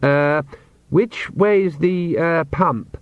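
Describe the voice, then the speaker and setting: A man reads as a timid young man, a little higher than the reader's own voice. He stammers and hesitates. The storybook reading sounds dry and a touch dull. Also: very slow, no echo. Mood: nervous.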